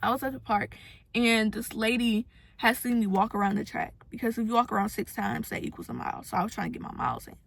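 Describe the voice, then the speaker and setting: A woman's voice: fairly high pitch, quick pace, vocal fry, breathy edge. A young woman giving a casual, earnest motivational talk to her followers, acting out the voices of people she quotes. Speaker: self-help vlogger.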